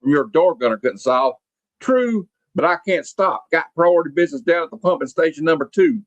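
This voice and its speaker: A man voicing a gruff, folksy cowboy helicopter pilot from a comic book, with a slow drawl. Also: a little high, lively intonation, dry recording, dull audio, lightly acted.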